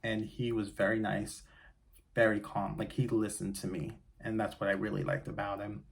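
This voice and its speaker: Male vlogger, lowish voice, candid confessional storytelling, casual with fillers. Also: level tone, normal speed, creaky. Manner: emotional, candid, casual with many fillers and restarts. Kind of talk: personal storytelling to camera.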